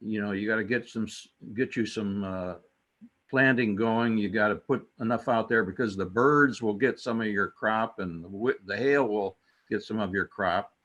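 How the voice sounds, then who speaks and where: A man's voice: lowish voice, normal speed, a bit bright. Folksy rambling man asking a question. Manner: rambling, folksy storyteller with hesitations. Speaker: caller. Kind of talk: casual question with a joke.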